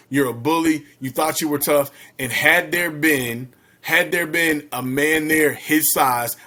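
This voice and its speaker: A man's voice: on the high side, sharp tone. A man co-hosting a casual podcast, blunt and firm, repeating his point. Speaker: podcast co-host. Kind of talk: casual debate chat.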